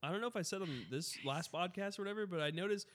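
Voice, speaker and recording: A young man on a casual podcast talking quickly, his voice sitting a bit high for a man. He is wry and jokey, and he turns everyday mishaps into stories. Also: a bit bright. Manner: wry, joking, storytelling. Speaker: podcast co-host. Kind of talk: casual podcast chat with friends.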